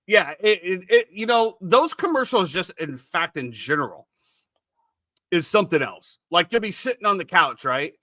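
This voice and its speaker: A man's voice: high voice, sing-song, moderate pace, bright, forceful tone, no echo, clean studio sound. A middle-aged man hosting a podcast, chatting casually in a joking, rambling, self-mocking way. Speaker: podcast host.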